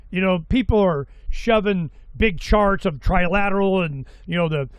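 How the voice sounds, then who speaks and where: Rambling excitable older man, high voice. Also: clean tone, dry recording. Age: 60s. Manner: rambling, excitable, swears freely. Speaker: host. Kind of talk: casual interview chat.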